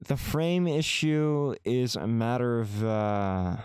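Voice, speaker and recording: A man's voice: medium pitch, expressive, slow, a little mellow, clear, resonant tone, no echo, clean studio sound. A man streaming a visual novel, reading the game text aloud with casual, wry asides to his chat.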